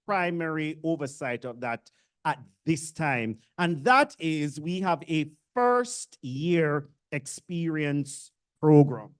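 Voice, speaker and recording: A speaker with a Jamaican accent gives a casual orientation address to new university students, joking and teasing the audience. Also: mid-range voice. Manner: joking, self-deprecating, chatty with the audience.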